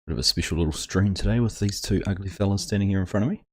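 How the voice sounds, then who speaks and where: A man's voice: sits low, rapid-fire, a little mellow. A man hosting a casual game livestream, chatting and greeting viewers by name. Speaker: livestream host. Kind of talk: casual livestream chat while gaming.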